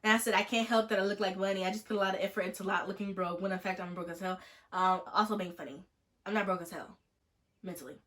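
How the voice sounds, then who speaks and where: A young woman in her twenties rattles through a storytime vlog at a quick clip. Her delivery is jokey and animated as she acts out both sides of a text exchange. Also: medium pitch. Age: 20s. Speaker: vlogger.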